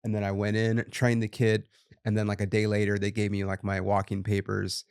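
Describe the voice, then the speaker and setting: A young man hosting a podcast, telling profane, animated stories in casual chat. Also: fairly low pitch, fairly quick, clean tone, dry recording, clean studio sound. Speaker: podcast host.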